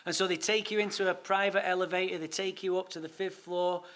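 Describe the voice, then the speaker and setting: A man with an English accent tells his story to a recovery meeting, lively and funny, with swearing thrown in. His voice sits high for a man and has a bright, sharp edge. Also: fast talker. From England. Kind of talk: storytelling talk.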